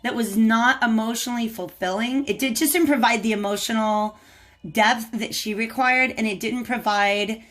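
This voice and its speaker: A woman's voice: a little high, fairly even intonation, moderate pace, fairly bright tone. A woman giving a casual tarot reading, chatting to viewers and talking to the cards as she goes. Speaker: tarot reader.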